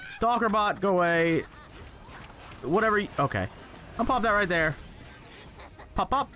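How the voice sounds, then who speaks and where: A man's voice: sits high, lively intonation, normal speed, pushed and bright, faint music behind. A young man commenting on his own gameplay, exclaiming, joking to himself and swearing as he plays. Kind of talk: casual let's play commentary.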